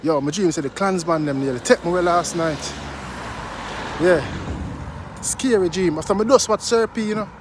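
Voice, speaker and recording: A man's voice: high voice, normal speed, pauses often, noisy background. A man with a Jamaican accent talking casually to his viewers in a vlog, earnest and repetitive, mixing in patois. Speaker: vlogger.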